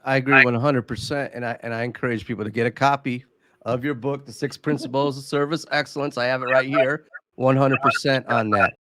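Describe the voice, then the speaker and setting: A man's voice: mid-range voice, steady tone, a little fast, pushed and bright. A man co-hosting a casual podcast conversation, talking in an easygoing way and often repeating words as he thinks aloud. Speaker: podcast co-host.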